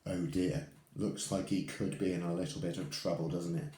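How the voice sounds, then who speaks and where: A man reading a children's book aloud to his listeners, with expressive, animated storytelling. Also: deep voice, normal speed, echoey room.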